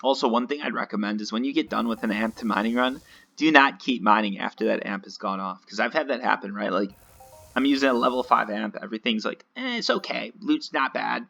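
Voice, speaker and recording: Gravelly-voiced man chatting over gameplay. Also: lowish voice, fast, bright, forceful tone. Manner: chatty, rambling, self-mocking. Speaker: gaming video host. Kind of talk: casual gameplay commentary.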